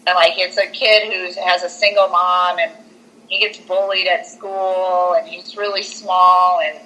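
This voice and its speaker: Young woman on a podcast going through a movie plot, says like a lot, lowish voice but bright and sharp. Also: a little slow, low-quality recording. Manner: animated storyteller, heavy use of "like", acts out quotes. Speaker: podcast co-host. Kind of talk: casual chat retelling a film plot.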